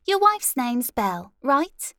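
A woman voicing a pushy young female radio producer who shouts and hurries. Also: high-pitched, very animated, takes it slowly, dry recording, clean studio sound, voice pushed up, exaggerated voice. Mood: urgent. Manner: loud, shouting and hurrying.

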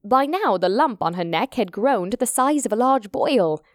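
A woman narrating a story in a measured, descriptive audiobook reading. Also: on the high side, lively intonation, dry recording, studio quality.

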